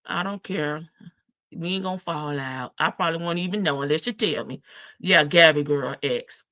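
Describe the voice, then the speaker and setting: A woman's voice: deep voice, moderate pace, bright, forceful tone, no room sound, muffled recording. A woman hosting a casual commentary livestream, chatty and sassy, laughing often. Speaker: live-stream host.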